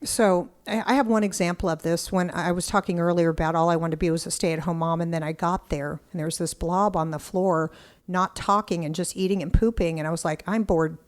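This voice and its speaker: A middle-aged woman telling a story as a podcast guest, excitable and blunt, cursing now and then. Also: fairly low pitch, a little fast. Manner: excitable, animated storyteller who acts out quotes. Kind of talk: casual interview storytelling.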